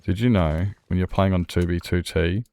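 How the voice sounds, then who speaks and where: Man, deep gravelly voice, rambling, laughs a lot. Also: steady tone, normal speed, a little mellow. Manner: rambling, laughs often, self-mocking. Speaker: streamer. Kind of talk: casual gaming stream chat.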